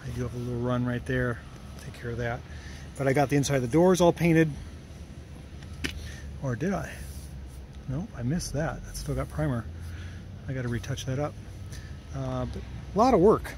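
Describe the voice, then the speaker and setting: A man with a warm, medium-pitched voice, recorded with a little hiss or hum, walks around his home workshop and driveway. As a car restorer hosting a casual walkaround vlog, he rambles about his project, catches his own mistakes, and clearly cherishes the cars.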